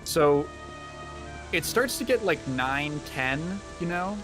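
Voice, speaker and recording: A man's voice: fairly high pitch, expressive, slow, over music. A man hosting a gaming stream, rambling through a casual story with lots of fillers. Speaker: streamer host. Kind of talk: casual chat while gaming.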